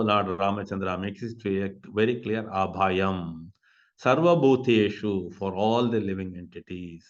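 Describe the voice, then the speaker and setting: Low-voiced man teaching scripture. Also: lo-fi sound. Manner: explains Sanskrit verses slowly, asks rhetorical questions. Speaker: class speaker. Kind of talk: devotional scripture class.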